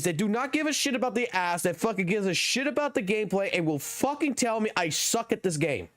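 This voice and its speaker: A man's voice: sits high, very animated, fairly quick, few pauses, a bit bright, no echo, studio quality. A young man from the American South with a Southern accent, ranting heatedly and profanely on his live game stream.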